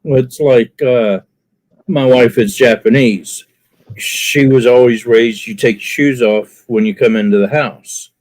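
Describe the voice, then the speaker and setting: A man from Alabama on a live panel, telling stories in an animated way, acting out his reactions and laughing at himself. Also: medium pitch, unhurried, dry recording. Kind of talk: casual chat.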